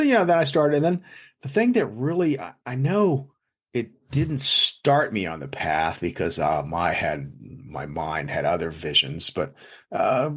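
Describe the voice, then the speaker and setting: A man's voice: fairly low pitch, slightly rough. A man, a chef and food blogger, chatting as a guest, telling stories in a rambling way full of fillers and restarts. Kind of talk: casual storytelling in an interview. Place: lives in South Jersey.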